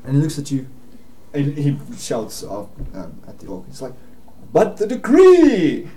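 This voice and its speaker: A man narrating as dungeon master in a casual tabletop game, halting with many "um"s and laughing between lines, over noisy home audio. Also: medium pitch, expressive, dark tone.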